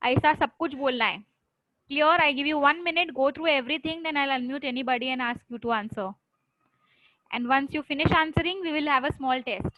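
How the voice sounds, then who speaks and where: Brisk high-voiced woman tutoring French. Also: dry recording, muffled recording. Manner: brisk, drilling students with questions and repetition. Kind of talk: online class teaching, mixing English and Hindi.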